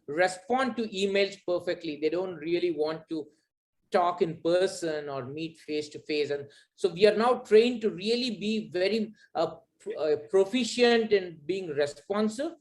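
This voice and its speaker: A man hosts an online masterclass over a video call, and his voice sits a little higher than most men's. He speaks earnestly and fills his pauses with frequent hesitations. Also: animated, a little mellow. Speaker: masterclass host. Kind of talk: hosting an online session.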